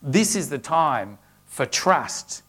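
A man's voice: fairly high pitch, sing-song, slow pace, fairly bright tone. A man preaching a sermon, earnest, with frequent restarts as he works through a scripture passage.

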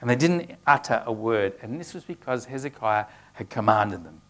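A man's voice: mid-range voice, expressive, moderate pace, a bit bright. A man preaching a sermon, earnest, with frequent restarts as he works through a scripture passage.

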